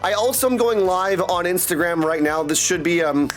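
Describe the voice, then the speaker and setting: Chatty excitable streamer guy, highish voice, faint music under him. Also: moderate pace. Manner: excitable, chatty, keeps saying my dudes. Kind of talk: casual live-stream chat.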